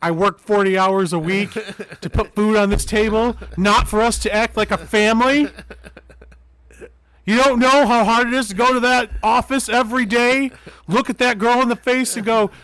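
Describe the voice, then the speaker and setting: A man putting on a furious overworked father who rants loudly about holding the family together. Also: extremely high pitch, steady tone, moderate pace, clear, resonant tone, voice pushed up. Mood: ranting. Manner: yelling, exasperated. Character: furious overworked family dad ranting at dinner.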